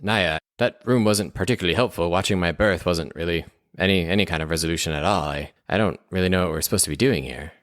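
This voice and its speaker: A man's voice: sits low, fast talker, few pauses, fairly bright tone, no room sound, studio quality. Stammering young nobleman, played by a man. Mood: flustered. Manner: stammering, nervous. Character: anxious young nobleman hero. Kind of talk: tabletop role-play.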